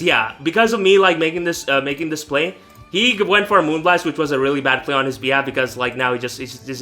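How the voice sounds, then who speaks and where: A man's voice: a little high, pushed and bright. A young man giving casual, rambling commentary on his own competitive game match, correcting himself often and swearing casually. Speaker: gaming YouTuber. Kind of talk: casual live gameplay commentary. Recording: faint background music.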